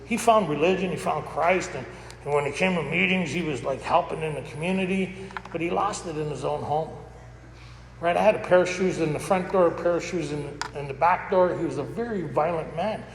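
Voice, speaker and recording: A man's voice: fairly high pitch, brisk, creaky. A middle-aged man giving a candid, rambling personal testimony as a recovery meeting speaker. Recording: echoey hall with faint noise.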